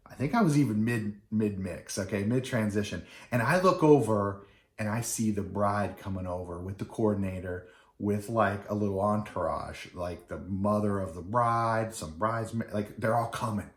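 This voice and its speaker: Rambling low-voiced man in an echoey room. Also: normal speed. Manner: rambling with many fillers and restarts, acting out quoted people. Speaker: wedding DJ. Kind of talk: casual storytelling.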